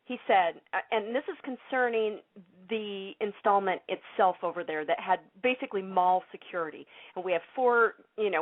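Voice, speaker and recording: A woman guest on a casual political talk show, eager and keen to share quotes from friends. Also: mid-range voice. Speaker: guest commentator. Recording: tinny phone-like line.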